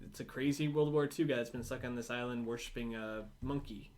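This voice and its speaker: A man's voice: medium pitch, steady tone, brisk, a little mellow. A man co-hosting a casual podcast, asking questions and chatting with fillers and restarts. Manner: attentive, asks questions, many fillers. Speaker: podcast co-host. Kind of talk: casual chat.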